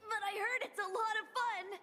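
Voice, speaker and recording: An actress voicing an eager young girl excited about a festival, chirpy and excitable. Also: very high voice, moderate pace.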